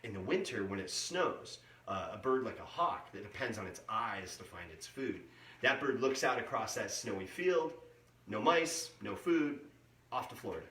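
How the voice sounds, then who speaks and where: A middle-aged museum educator with a lowish, fairly bright voice gives a playful live talk for kids in a museum room, speaking at normal speed in a sing-song way and imitating owl calls. The sound is roomy, with the mic at a distance.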